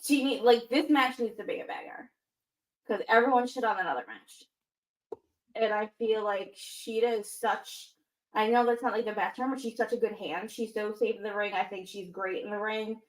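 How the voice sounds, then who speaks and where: A woman's voice: medium pitch, moderate pace, echoey room, poor audio. A woman co-hosting a wrestling podcast, chatting casually and rambling through restarts and fillers. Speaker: podcast co-host.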